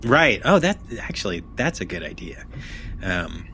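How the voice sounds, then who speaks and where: A man's voice: sits low, big pitch swings, measured pace, pushed and bright, a little hiss or hum. A man hosting a podcast in casual chat, rambling and swearing freely. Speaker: podcast host.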